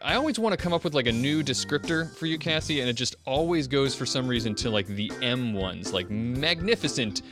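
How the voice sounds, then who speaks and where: A man's voice: mid-range voice, lively intonation, brisk, few pauses, music in the background. A man hosting a podcast in casual chat, rambling and self-deprecating, with many fillers and laughs. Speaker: podcast host.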